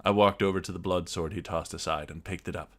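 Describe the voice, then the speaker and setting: Deep-voiced man narrating a game story. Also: fast talker. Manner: steady, descriptive narration. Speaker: player narrating his character. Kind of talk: first-person story narration in a tabletop game.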